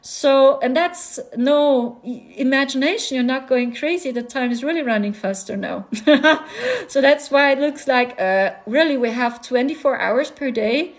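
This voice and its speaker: A woman's voice: high-pitched, measured pace. A woman chatting on a live stream, laughing often and repeating herself as she talks. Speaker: spiritual vlogger. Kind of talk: casual live-stream chat.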